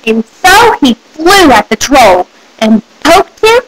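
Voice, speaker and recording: Young woman reading a fairy tale slowly. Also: on the high side, very animated, over music, poor audio. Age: young adult. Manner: careful storybook reading. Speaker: student reader.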